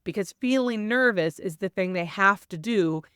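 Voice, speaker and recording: A woman hosting a parenting podcast, explaining advice in a calm, steady way and sometimes livening up to model what a parent might say. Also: medium pitch, moderate pace, smooth, no echo, studio quality. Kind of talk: advice monologue.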